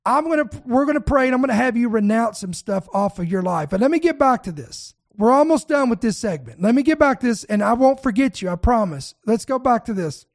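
An older preacher hosting an online talk show, telling stories with animated emphasis, often repeating words and calling the listeners "guys.". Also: medium pitch, a little fast, hardly any pauses.

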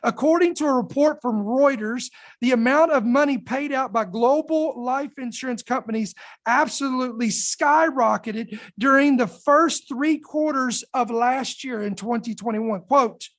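A woman hosting a podcast, reading news aloud in a fairly high voice. She leans hard on key numbers and slows down so they sink in. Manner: emphatic, dramatic pauses, slow deliberate emphasis. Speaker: podcast host.

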